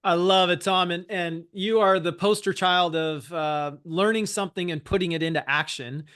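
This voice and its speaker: A man's voice: high voice, steady tone, normal speed, a bit bright, smooth. Male host, enthusiastic and full of praise, keeps a casual group call moving. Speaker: meeting host.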